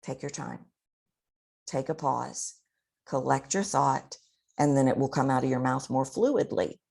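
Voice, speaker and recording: A woman voice coach giving expressive, demonstrative advice in an interview. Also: rumbling low, a little slow, vocal fry, slightly rough. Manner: expressive, demonstrates vocal techniques. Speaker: voice coach guest.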